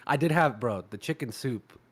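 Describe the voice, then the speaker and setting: A man with a cold chatting on a livestream, subdued and low-key. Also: moderate pace, fairly bright tone, husky. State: sick, congested. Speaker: livestream co-host. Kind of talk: casual livestream chat.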